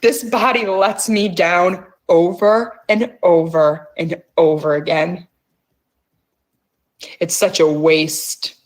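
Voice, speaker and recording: A middle-aged woman hosts a guided emotional release session, her voice fairly low, her tone steady and her pace slow. She coaxes listeners along with intense language and frequent swearing.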